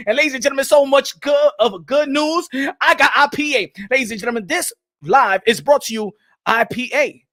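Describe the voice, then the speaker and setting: High, sharp-voiced man hosting a boxing stream, a native Spanish speaker, loud and repetitive. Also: moderate pace, dry recording, studio quality. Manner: profane, hyped, loud and repetitive. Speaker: boxing show host. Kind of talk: livestream rant and chat shout-outs.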